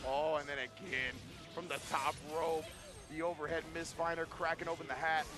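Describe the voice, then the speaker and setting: A man's voice: a little high, normal speed, over music. A man casting a fighting game tournament, calling the action and joking with his co-caster. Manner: excitable, hype-driven, joking with co-caster. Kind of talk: esports play-by-play commentary.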